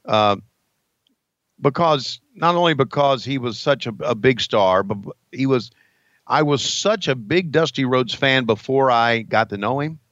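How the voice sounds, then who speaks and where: A man's voice: medium pitch, expressive, unhurried, a bit bright, dry recording, muffled recording. A man co-hosting a casual podcast, folksy and emotional, often stumbling over his words. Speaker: co-host, former wrestling announcer.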